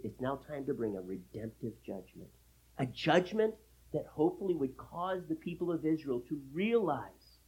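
A man preaching a sermon, emphatic, with big swings in loudness and repeating key phrases for stress. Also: fairly high pitch, slightly rough, rough recording. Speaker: pastor.

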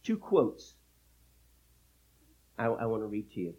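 Husky, animated male preacher. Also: a little slow, lo-fi sound. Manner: emphatic preaching with big swings in pitch and loudness; repeats key phrases for emphasis. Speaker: pastor. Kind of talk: sermon.

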